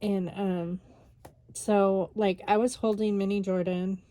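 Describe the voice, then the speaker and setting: A woman's voice: medium pitch, level tone, takes it slowly, mellow. An exhausted woman chatting casually while she crafts, rambling with lots of fillers. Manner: rambling, tired, many fillers. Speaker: scrapbooking vlogger.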